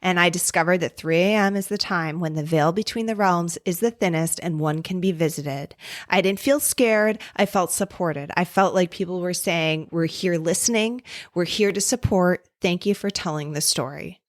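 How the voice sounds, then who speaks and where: A woman co-hosting a ghost story podcast, chatting casually with playful asides and quick reactions. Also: on the low side. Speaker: podcast co-host. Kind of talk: casual chat.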